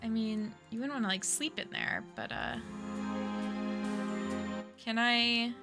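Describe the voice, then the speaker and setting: A woman's voice: on the high side, slow, over loud music. A woman streaming a mystery game, chatting casually, reading chat aloud and reacting with gasps and laughs.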